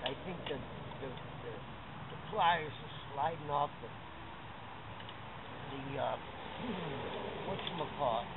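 High-voiced rambling New man swearing. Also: slow, pauses often. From Massachusetts, USA. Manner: rambling, swears often, explains step by step. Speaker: documentary subject. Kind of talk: unscripted talk while fixing a bike pedal. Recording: harsh phone-like camera audio with loud background noise.

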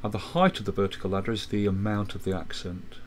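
Low-voiced man explaining music software. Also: a little hiss or hum. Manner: explanatory, steady, with quick asides. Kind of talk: screen-recorded software tutorial.

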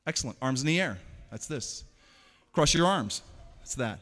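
A man performing an interactive stage show for children, playfully calling out quick commands and teasing his audience. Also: medium pitch, lively intonation, fairly bright tone. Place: large hall. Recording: long hall reverb.

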